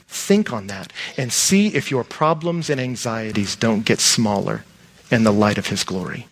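A middle-aged man, a pastor preaching a sermon in a conversational, animated way. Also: mid-range voice, slightly rough.

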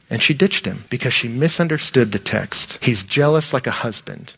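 A middle-aged man, a pastor preaching a sermon in a conversational, animated way. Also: mid-range voice, normal speed, vocal fry, breathy edge.

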